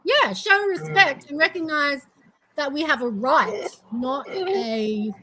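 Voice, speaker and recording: A woman with a high, light voice talks through her ideas in relaxed podcast chat. She sounds earnest and reflective, pausing on ums and restarting her sentences. A faint hiss sits under her voice. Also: low-quality recording. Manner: earnest, reflective, with frequent fillers. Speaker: co-host.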